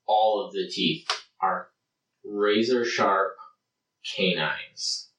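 A man's voice: on the low side, very slow, fairly bright tone. A man running a tabletop game as game master, explaining in a casual, filler-heavy way. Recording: roomy, distant, noisy room.

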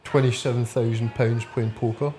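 A man's voice: mid-range voice, fairly even intonation, normal speed, mellow, a little hiss or hum. A Scottish man, a podcast guest, talking casually and briefly in the back room of a pub. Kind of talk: casual conversation.

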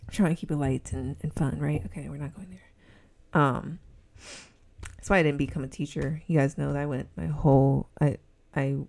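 A young woman hosting her own podcast, rambling in a casual solo chat and breaking often into loud giggly laughter. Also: low voice, fairly even intonation, normal speed, gravelly. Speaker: podcast host.

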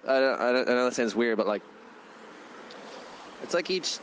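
A man's voice: medium pitch, lively intonation, normal speed, a bit bright, poor audio. Guy in his 20s chatting about a movie, says like a lot, faint noise behind. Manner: rambling, full of "like" fillers, laughs often. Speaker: podcast co-host, film reviewer. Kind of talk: casual film review chat.

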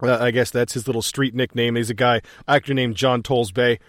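A man's voice: mid-range voice, level tone, fairly quick, no echo, studio quality. A male podcast co-host recounting a film scene in casual chat, laughing often and swearing freely. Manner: laughing storyteller, profane.

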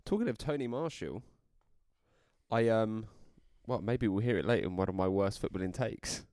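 A man's voice: on the low side, moderate pace, darkish tone, no room sound, studio quality. A young man co-hosting a podcast in casual chat, hungover, teasing his friend and hesitantly repeating himself. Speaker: podcast co-host.

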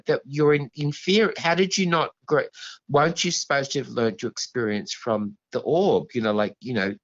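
A man rambles through a story as a guest, stopping and restarting often. His pitch swings widely, and the sound is dull and lo-fi, like a remote call. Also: fairly bright tone. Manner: rambling, halting, full of restarts and "you know". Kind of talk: storytelling in an interview.

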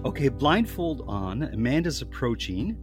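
A man co-hosting a podcast, chatting playfully with quick comebacks. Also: mid-range voice, very animated, soft background music. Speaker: podcast co-host. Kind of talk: casual chat.

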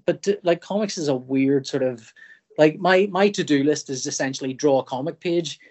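A middle-aged comic artist from Northern Ireland guests on a casual podcast, rambling, breaking off mid-sentence, and acting out his own thoughts. His voice is fairly high-pitched with a darkish tone, and he speaks at a moderate pace.

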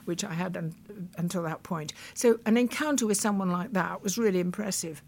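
A woman's voice: lowish voice, fairly quick, vocal fry, a little mellow. A woman in her eighties from the United Kingdom, a veteran broadcaster recalling her past thoughtfully as an interview guest, often restarting sentences and quoting what people said. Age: 80s. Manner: thoughtful, with frequent restarts and quoted recollections. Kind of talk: reflective storytelling in conversation.

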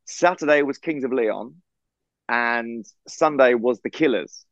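A man from England, co-hosting a podcast, telling a story in a casual, animated way over a video call. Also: mid-range voice, unhurried, no room sound, muffled recording. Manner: animated storyteller, acts out quoted voices. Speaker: podcast co-host.

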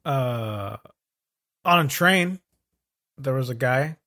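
A man's voice: mid-range voice, animated, slow pace, pushed and bright. A man on a casual podcast telling meandering stories in a laid-back way. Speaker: podcast co-host.

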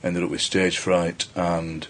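A man's voice: sits low, flat delivery, slow pace, fairly bright tone. A man who is a poet, chatting casually as a podcast guest, rambling and joking with lots of restarts.

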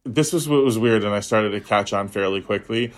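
A young man casually telling a personal story in a chat, animated and acting out the voices of people he quotes. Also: brisk. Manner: animated storyteller, acts out quoted voices with big pitch jumps. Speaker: podcast guest.

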